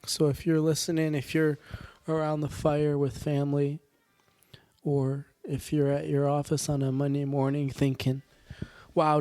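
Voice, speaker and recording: A young man hosting a podcast, hoarse from a sore throat, rambling along with halting fillers and self-deprecating asides. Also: medium pitch, darkish tone, no echo. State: hoarse from tonsillitis. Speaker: podcast host. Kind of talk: casual podcast sign-off.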